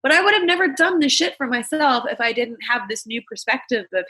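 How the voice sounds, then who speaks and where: Pitched on the high side, her voice is animated, pushed, bright, and slightly rough, moving fairly quickly with few pauses. She's a woman comedian from Los Angeles, USA, giving candid, foul-mouthed, blunt stories in a casual interview chat.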